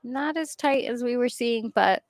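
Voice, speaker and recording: A woman's voice: a little high, measured pace, dry recording. A woman doing color commentary at a rowing race, chatty and explaining the sport in plain terms.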